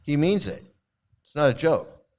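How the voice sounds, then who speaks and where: A man hosting a casual video commentary, talking in an animated, repetitive, indignant way. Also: on the high side, a little slow. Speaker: host.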